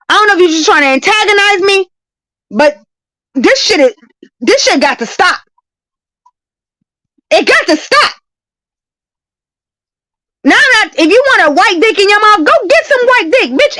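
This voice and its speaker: A confrontational woman fires off profane, repetitive challenges in a live-stream argument. Her voice sits very high and bright, cutting and sharp. The sound is dry and close, with no room around it. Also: dry recording, low-quality recording. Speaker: debating guest.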